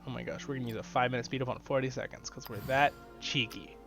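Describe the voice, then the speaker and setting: A man casually commentating his strategy gameplay, chatty and excitable, talking straight to his viewers. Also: mid-range voice, fast. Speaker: gaming channel host. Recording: dull lo-fi sound with faint music.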